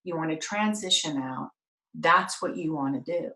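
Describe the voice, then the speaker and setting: A woman's voice: low voice, normal speed. A woman host telling a personal story to an audience, acting out the voices of the people in it. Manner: animated, acts out voices in her story. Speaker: talk show host. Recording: echoey room.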